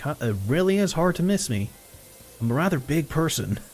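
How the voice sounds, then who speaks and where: A man with a fairly high voice, speaking at normal speed, streams live and casually recounts a story while gaming. He acts out quoted back-and-forth dialogue, swears a lot, and chuckles along the way.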